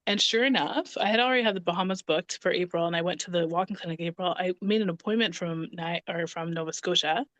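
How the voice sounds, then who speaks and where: Animated woman telling a story. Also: lowish voice, quick pace, few pauses, dry recording. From Canada (Ontario). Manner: animated, acts out quoted dialogue. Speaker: podcast guest. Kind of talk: casual storytelling conversation.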